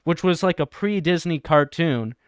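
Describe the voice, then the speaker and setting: Smooth-voiced man hosting a comedy stream. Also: on the high side, animated, moderate pace, no room sound, studio quality. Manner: laughing, crude, reading chat and video text aloud. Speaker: livestream host. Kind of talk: satirical livestream commentary.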